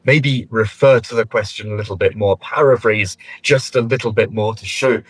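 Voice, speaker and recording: A man with a very low, husky voice gives feedback on a mock speaking test. He speaks in a conversational, encouraging way and often pauses or restarts his sentences. The sound is dry and close. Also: dry recording, rough recording. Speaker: IELTS speaking examiner giving feedback.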